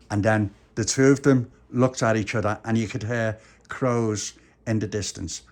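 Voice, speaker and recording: A man telling an improvised children's story in a playful way, with many restarts. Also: fairly low pitch.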